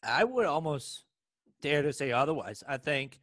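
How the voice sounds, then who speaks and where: A man's voice: fairly high pitch, sing-song, normal speed, a bit bright, dry recording. A man co-hosting a sports podcast, arguing his point in long run-on sentences. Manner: argumentative, long run-on reasoning. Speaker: podcast co-host. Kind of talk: casual sports chat.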